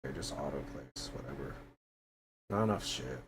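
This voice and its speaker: A man's voice: a bass voice, animated, normal speed, noisy background. A male streamer chatting casually to himself as he decorates a game room, with mumbled asides and mock-annoyed grumbling. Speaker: VTuber streamer.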